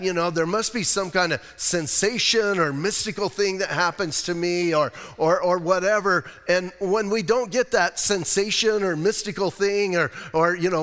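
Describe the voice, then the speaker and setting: Man, pastor, high voice, casual plainspoken sermon, long church-hall reverb. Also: fairly bright tone. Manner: plainspoken, casual, self-deprecating. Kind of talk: conversational sermon. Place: church sanctuary with congregation.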